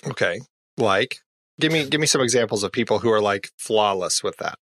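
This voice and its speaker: A man's voice: fairly low pitch, lively intonation, brisk, a bit bright, no room sound, studio quality. A man co-hosting a film podcast, chatty and curious, asking his co-hosts questions with a laugh. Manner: chatty, lots of fillers and laughs, asks questions. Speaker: podcast co-host. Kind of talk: casual chat.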